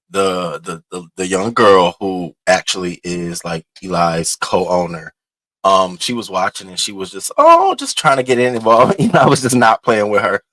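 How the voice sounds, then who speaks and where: A man's voice: deep voice, bright, forceful tone, no echo. A man hosting a casual morning livestream, chatting openly and greeting his viewers as baby and y'all. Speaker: show host.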